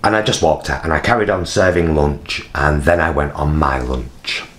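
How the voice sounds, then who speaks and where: A man, telling a personal story in a vlog, halting with many fillers and acting out other people's voices. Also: a bit bright. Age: 50s. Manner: acts out voices of people in his story with big jumps in pitch. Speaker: vlogger.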